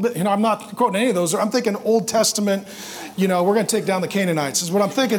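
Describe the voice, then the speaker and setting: Animated preacher man, loud then hushed. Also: high voice, normal speed, pauses often. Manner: animated storytelling, swinging from loud and jokey to hushed and tender. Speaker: pastor. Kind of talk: sermon.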